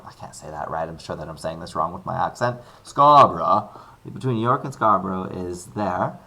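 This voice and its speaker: A man teaching maths by screen recording explains a worked example in a chatty, upbeat manner, thinking aloud and tossing in playful asides. His low voice carries vocal fry and a bright, forceful tone.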